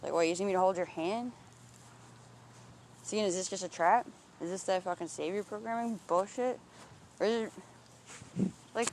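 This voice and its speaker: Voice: mid-range voice, moderate pace, pauses often, a little mellow, a little hiss or hum. A vlogger walking outdoors and thinking aloud in a rambling, introspective monologue, swearing freely and breaking off and restarting thoughts.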